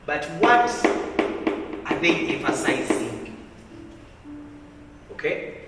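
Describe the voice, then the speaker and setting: A man's voice: fairly high pitch, bright, forceful tone. A male literature teacher giving a lecture. He repeats his points and keeps checking in with "okay?" and "hmm?". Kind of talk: classroom lecture. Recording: echoey hall, distant mic, faint hiss.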